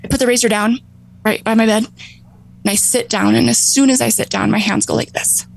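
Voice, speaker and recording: A woman in her thirties telling her own recovery story on a talk show, animated, laughing often and acting out her past thoughts. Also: a little high, normal speed, gravelly, poor audio. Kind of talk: emotional personal storytelling.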